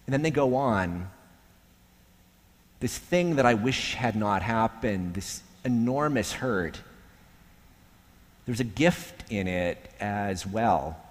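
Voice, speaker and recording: Slow-preaching man in a reverberant hall. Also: on the low side, animated. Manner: slow, measured preaching with long pauses, dropping to a hushed voice. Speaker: pastor. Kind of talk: sermon. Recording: echoey hall with long reverb.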